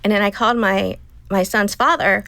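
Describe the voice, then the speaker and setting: A woman's voice: medium pitch, steady tone, moderate pace, vocal fry, sharp tone, low-quality recording. A woman in her fifties tells a personal story to an interviewer, speaking emotionally and acting out what others said in quotes. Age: 50s. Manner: emotional, retelling dialogue in quotes. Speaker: guest.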